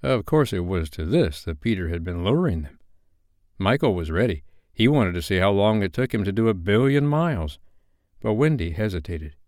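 A man reading a classic children's novel aloud as a bedtime story, in an expressive, lively manner. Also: on the low side, normal speed, dry recording, studio quality.

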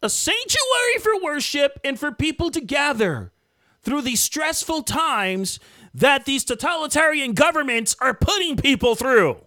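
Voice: high-pitched, sing-song, measured pace, sharp tone, dry recording, studio quality. A host giving heated, emphatic political commentary, mocking opponents along the way. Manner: indignant, emphatic, mocks opponents in quoted voices.

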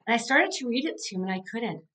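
A woman's voice: on the high side, lively intonation, fast, pushed and bright, rough recording. A middle-aged woman, an author and coach, talking as a podcast guest in an earnest, heartfelt way with many "like" fillers. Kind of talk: casual interview conversation.

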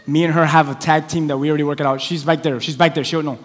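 A male pastor preaching a sermon in a church, telling stories in an animated way and acting out the voices of the people in them. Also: a little high, racing. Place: church sanctuary. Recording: long hall reverb.

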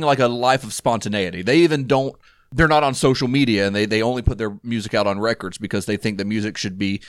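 A man's voice: fairly low pitch, no echo, studio quality. Rambling man discussing a film. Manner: rambling, many fillers and restarts. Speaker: podcast co-host.

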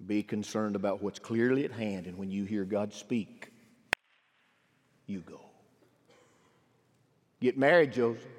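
A middle-aged male pastor preaching a sermon, swinging from emphatic calls to quiet, low asides. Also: steady tone, a little slow, long pauses, a little hiss or hum. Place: large church sanctuary. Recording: long hall reverb.

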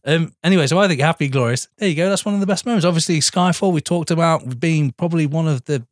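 A man's voice: fairly high pitch, fast talker, no room sound, studio quality. A man co-hosting a podcast, chatting eagerly about films, swearing and calling his friend mate. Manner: enthusiastic, swears, keeps saying "mate". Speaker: podcast co-host. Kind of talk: casual film chat.

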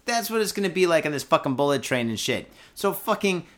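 A man's voice: a little high, sing-song, brisk, a bit bright. A tipsy young man hosting a podcast, ranting about the news in a profane, repetitive, comic way. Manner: foul-mouthed, ranting, keeps swearing and repeating himself. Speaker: podcast host. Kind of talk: profane comedic news rant.

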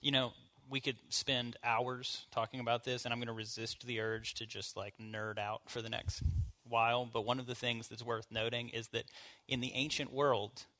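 A man's voice: mid-range voice, level tone, moderate pace, few pauses, pushed and bright. A man leading a church bible study, teaching in an informal, conversational way and asking the group questions. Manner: informal, asks the group questions, casual fillers.

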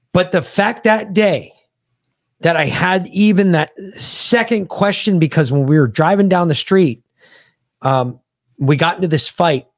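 A man's voice: a little high, no echo, studio quality. A man from the United States, a podcast host, bluntly and profanely retelling a combat story in casual conversation.

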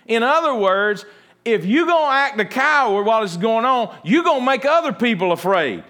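A male preacher with a fairly high voice, delivering a sermon. He tells stories in a folksy, animated way. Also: moderate pace. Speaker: pastor.

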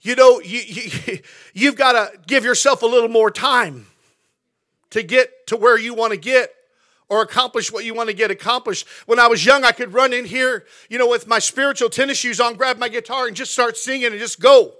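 A middle-aged male pastor preaching a sermon in a conversational, animated way, often repeating words as he goes. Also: extremely high pitch, moderate pace. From California, USA.

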